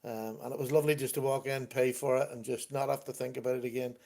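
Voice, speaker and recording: A man at a computer at home, hosting a relaxed livestream. He talks in an easy, chatty way, laughs often, and reads out comments from viewers as they come in. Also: mid-range voice, quick pace, gravelly. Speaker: livestream host. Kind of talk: casual chat.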